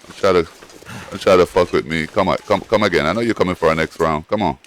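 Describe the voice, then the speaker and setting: A man giving casual let's-play commentary, excitable and profane, trash-talking and calling to his in-game dog. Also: deep voice, quick pace, a little hiss or hum. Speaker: gamer and streamer.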